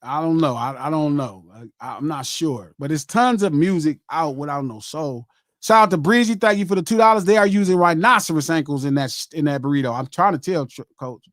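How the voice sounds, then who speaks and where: High-voiced man hosting a live stream. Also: lively intonation, brisk, no room sound, clean studio sound. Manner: loose, joking, rattles off shout-outs. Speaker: host. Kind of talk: live stream banter and reading donations.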